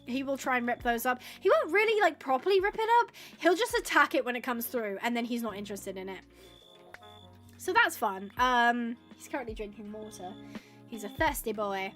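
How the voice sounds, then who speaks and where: High-voiced woman chatting on a live stream. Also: sing-song, brisk, fairly bright tone, faint music behind. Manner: rambling, chatty, laughs often, acts out quotes. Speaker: gaming streamer. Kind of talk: casual live-stream chatter while gaming.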